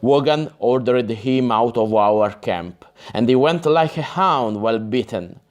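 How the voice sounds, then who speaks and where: A man doing a gruff growling berserker. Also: lively intonation, slow. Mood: grim, growling. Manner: growling, low and grim. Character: gruff, bitter male berserker warrior.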